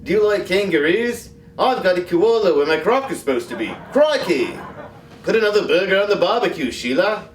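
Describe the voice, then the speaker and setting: A man voicing an over-the-top fake Australian character with a mock Australian accent, loud and exaggerated. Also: sits high, expressive, normal speed, distant mic, a little hiss or hum, voice pushed up. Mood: hammy. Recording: roomy echo, off mic, faint music.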